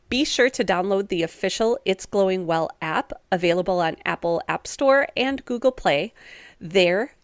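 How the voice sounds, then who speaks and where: A woman with a mid-range voice hosts a solo wellness podcast as a wellness coach, upbeat, encouraging and chatty, with casual fillers. There's no room sound.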